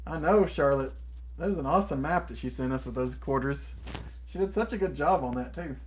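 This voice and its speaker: A man's voice: on the high side, brisk, a little mellow. Male live stream co-host, friendly and upbeat, reacts to chat comments. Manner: upbeat, reads out and answers viewer comments; enthusiastic, friendly greetings to viewers.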